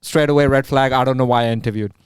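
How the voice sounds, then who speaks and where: A young man chatting on a podcast, his voice smooth and clear, recorded dry and close. He rambles casually, filling his stories with "like" and "uh". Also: mid-range voice, fast talker, dry recording. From Australia. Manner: relaxed, filler-heavy with frequent "like" and "uh". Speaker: podcast co-host. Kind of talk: casual chat, storytelling.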